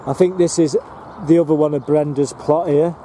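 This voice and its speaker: A man's voice: a little high, fairly even intonation, moderate pace, dark tone, slight background noise. A man giving a rambling, casual walking tour of his allotments, full of ums and restarts, filmed outdoors on a handheld camera. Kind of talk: casual walk-and-talk commentary.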